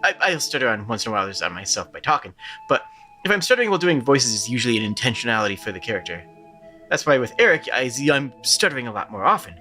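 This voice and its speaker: A man's voice: mid-range voice, very animated, quick pace, sharp tone. A man streaming a retro game, chatting about how he voices its characters, with faint music behind. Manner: chatty, explaining with frequent restarts.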